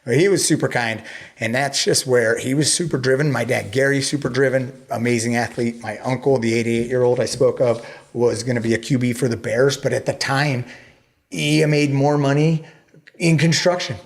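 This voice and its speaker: A man's voice: medium pitch, fairly even intonation, normal speed. A middle-aged man, a jiu-jitsu coach, talking candidly and bluntly as a podcast guest, swearing freely. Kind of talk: casual conversation.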